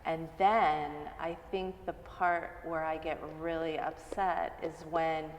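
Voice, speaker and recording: Woman, interview guest, earnest, lowish voice, faint ambience. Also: slow, big-room sound, slight background noise. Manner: earnest, animated when telling stories. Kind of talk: casual interview chat.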